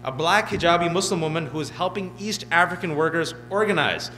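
A man in his thirties giving an animated, joking fundraiser speech, acting out other people as he tells stories. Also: on the high side, a little fast, slight background noise, low-quality recording. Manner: animated, joking storyteller who mimics others. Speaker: keynote speaker. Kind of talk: motivational speech. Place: event hall.

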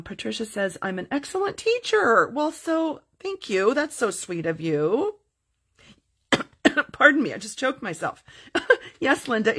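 A woman's voice: medium pitch, vocal fry, a bit bright, husky. A middle-aged woman hosting a live card-making tutorial, chatty and upbeat, reading viewer comments aloud as she works. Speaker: crafting host.

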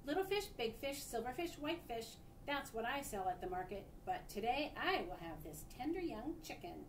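A woman's voice: big pitch swings, moderate pace. A woman voicing a greedy, stone-faced male fisherman who growls his lines in a storybook reading. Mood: gloating. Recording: echoey room, distant mic, faint rumble.

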